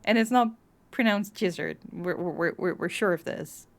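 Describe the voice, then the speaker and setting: A woman's voice: on the low side, normal speed. A woman streamer playing a game live, shrieking, swearing and laughing, then chatting with her viewers. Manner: chatty, reads and answers chat. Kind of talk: live gameplay commentary.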